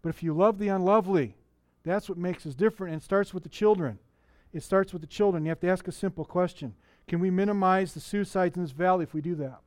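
This middle-aged man preaches in church as a pastor, chatting with the congregation through questions and frequently restarting sentences. He talks fast with few pauses, in a high-pitched, slightly mellow voice without echo.

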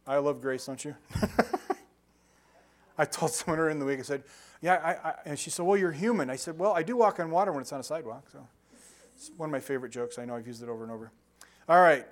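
A man delivering a sermon in a church, speaking with a fairly high voice. He talks in a relaxed, conversational way, jokes with the congregation and keeps asking them questions. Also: fairly quick. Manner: conversational, joking, chuckles often, asks the congregation questions. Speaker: pastor. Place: church sanctuary.

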